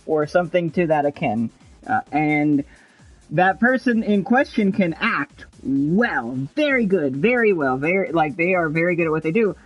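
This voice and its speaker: A man hosting a podcast speaks in a measured, agreeable way, often pausing to search for words. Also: on the high side, dry recording. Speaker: podcast host. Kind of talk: casual podcast chat. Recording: dull, dry lo-fi audio.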